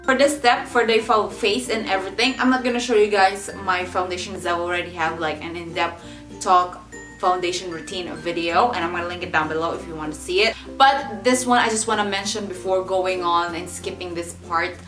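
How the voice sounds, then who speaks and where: This young woman's voice is fairly low, fairly quick and a bit bright, with fairly even intonation. She's a beauty vlogger talking viewers through her makeup in a chatty way, repeating words for emphasis, recorded with roomy echo and faint background music.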